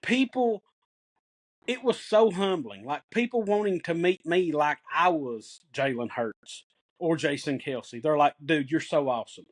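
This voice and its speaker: A middle-aged man with a Tennessee accent, co-hosting a sports podcast and telling excited, folksy stories in casual chat. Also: fairly high pitch, unhurried. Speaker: podcast co-host.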